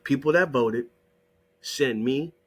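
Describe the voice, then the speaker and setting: An online video creator rants over a shared screen, his husky, medium-pitched voice moving slowly. His commentary is profane and combative, full of hammering rhetorical questions and repeated demands.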